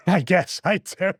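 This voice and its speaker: A man's voice: high voice, slightly rough, dry recording. A middle-aged man hosting a podcast, telling anecdotes in a loose, chatty way and laughing between stories. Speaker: podcast host. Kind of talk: casual podcast chat.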